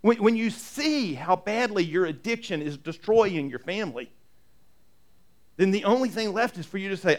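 Pastor, male, slightly high voice, talky sermon delivery with restarts and rhetorical questions. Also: lively intonation, moderate pace. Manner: conversational preaching with repetitions and rhetorical questions.

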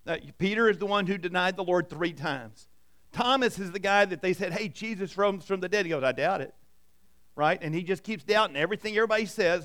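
High-voiced man preaching an animated sermon. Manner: animated, acts out Bible characters in casual voices. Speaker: pastor.

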